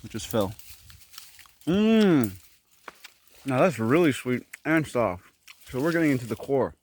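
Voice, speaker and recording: Man from Korea, casual outdoor vlogger, rambling asides, talks through mouthfuls, mid pitch, faint nature noise behind. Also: animated, brisk. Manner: talks while chewing. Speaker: vlogger clearing a fruit garden. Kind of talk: casual walk-and-talk vlog. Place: outdoors in an overgrown tropical garden.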